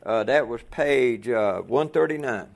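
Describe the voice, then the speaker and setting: A man's voice: mid-range voice, expressive, unhurried, creaky. A man preaching a folksy sermon to fellow truckers, asking the room rhetorical questions.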